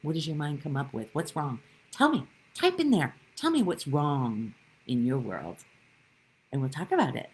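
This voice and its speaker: A woman's voice: deep voice, sing-song, normal speed, darkish tone, slightly rough, rough recording. A woman giving a live-streamed spiritual talk, telling stories with animation and greeting viewers by name. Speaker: spiritual teacher.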